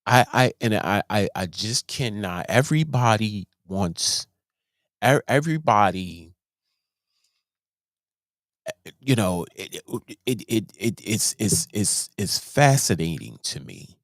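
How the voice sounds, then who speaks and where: A man's voice: lowish voice, lively intonation, takes it slowly, dry recording, clean studio sound. A man hosting a show, giving casual commentary in an emphatic way, often repeating and restarting his words. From Baltimore, USA. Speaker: host.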